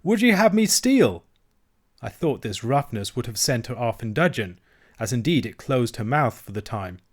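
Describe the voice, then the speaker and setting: A man narrating a classic novel aloud in a measured, even storytelling manner. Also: mid-range voice, husky. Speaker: audiobook reader. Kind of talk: scripted narration.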